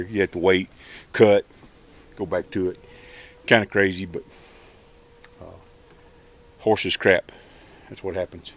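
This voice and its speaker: Working outdoors in an animal pen, a homesteader narrates his chores for a casual vlog in a lowish voice. His manner is folksy, rural and easygoing; he addresses his animals between explanations and shouts for his dogs.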